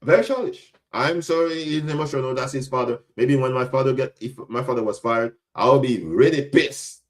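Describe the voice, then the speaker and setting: A young man hosts a casual sports talk show, speaking in a middle-pitched voice. He talks in a blunt, emphatic way and hammers his points home by repeating them. He is from Florida. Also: normal speed. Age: young adult. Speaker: podcast host.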